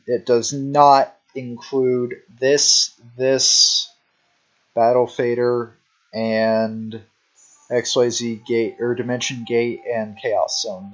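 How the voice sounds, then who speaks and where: Slow, rambling young man, lo-fi. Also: medium pitch. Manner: rambling, heavy on fillers like "you know"; unhurried, drawn-out delivery. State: sleepy, yawning. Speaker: deck showcase narrator. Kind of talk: casual rambling commentary.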